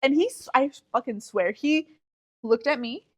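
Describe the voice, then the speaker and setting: A young woman co-hosting a casual podcast, telling an animated story full of swearing and acted-out quotes. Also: high voice, normal speed. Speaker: podcast co-host.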